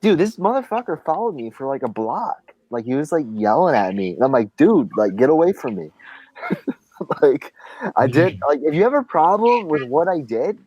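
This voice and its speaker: A man's voice: on the high side, very animated, moderate pace, a little mellow, husky, no room sound, muffled recording. Rambling young man telling a story. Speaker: podcast co-host telling a story. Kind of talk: casual profane chat.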